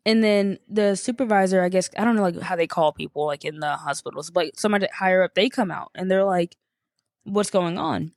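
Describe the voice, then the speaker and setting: A woman's voice: fairly low pitch, brisk, darkish tone, no echo. A young woman, a podcast co-host, telling a story in casual chat, swearing and acting out the people she quotes.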